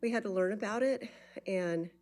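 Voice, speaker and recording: A woman's voice: medium pitch, moderate pace, a little mellow. A woman out of breath giving an earnest, urgent public comment at a county meeting. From Florida, USA.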